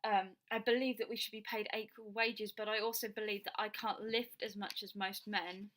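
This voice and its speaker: A woman's voice: medium pitch, level tone, normal speed, background noise. A young Englishwoman giving her blunt, opinionated views to camera and swearing freely. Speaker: vlogger.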